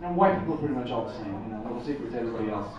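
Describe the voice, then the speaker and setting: Animated man doing stand-up in a pub. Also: mid-range voice, rapid-fire. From Texas, USA. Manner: animated, conversational, frequent asides to the crowd. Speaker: stand-up comedian. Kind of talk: stand-up comedy set. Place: comedy night in a pub. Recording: echoey distant muffled pub recording, crowd.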